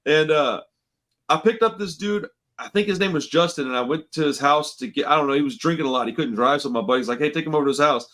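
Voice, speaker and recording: Man, forties, podcast host, fairly high voice, rambling, slangy, swearing. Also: quick pace, a bit bright. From Texas. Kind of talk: casual chat.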